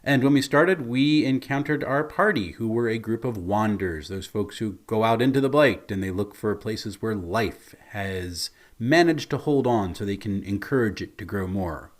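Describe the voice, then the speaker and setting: A man's voice: lowish voice, lively intonation, normal speed, few pauses. A man, a game master, chatting through what happened in his tabletop campaign with an amused storyteller's manner. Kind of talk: recounting a tabletop game session.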